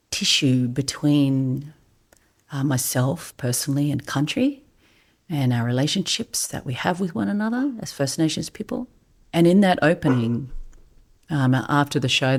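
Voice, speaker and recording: A woman with a strikingly deep, low voice recalls an experience for a podcast in a soft, unhurried way. Her delivery stays hushed and often drifts into breathiness. She sounds middle-aged and reflective. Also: vocal fry. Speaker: podcast guest, vocalist. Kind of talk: reflective storytelling.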